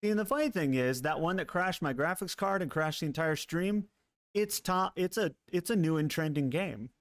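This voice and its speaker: A male streamer with a somewhat high-pitched voice chats casually through a live gameplay session, excitable and quick to laugh or swear at what he sees on screen. His voice is caught close and dry on a desk mic, with no room sound at all. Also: no echo.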